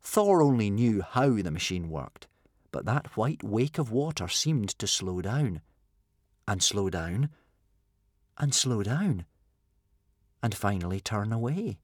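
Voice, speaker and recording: A man narrating an adventure storybook with animated, dramatic delivery. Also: lowish voice, slow, pauses often, no room sound, studio quality. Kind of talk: audiobook narration.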